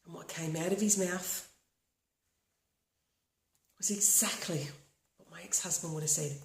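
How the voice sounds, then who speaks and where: A woman's voice: fairly low pitch, steady tone, a little slow, slight background noise. A woman from Australia leading a guided tapping session, talking earnestly and repeating affirmations. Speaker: tapping practitioner. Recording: echoey room.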